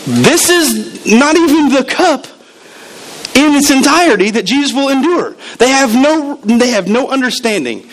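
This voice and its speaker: A man's voice: extremely high pitch, very animated, measured pace, poor audio. A man preaching a sermon as pastor, emphatic and repeating key words, acting out the voices he quotes.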